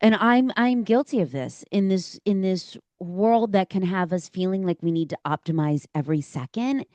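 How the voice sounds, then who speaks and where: A woman's voice: mid-range voice, animated, normal speed, darkish tone, no room sound. A woman hosting a podcast, chatting casually and encouraging her guest, often calling her "girl". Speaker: podcast host. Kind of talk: casual conversational interview.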